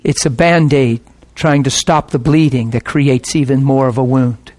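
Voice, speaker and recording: A man's voice: mid-range voice, fairly even intonation, normal speed, a little mellow. A middle-aged man, a pastor, preaching a sermon in a passionate, conversational way.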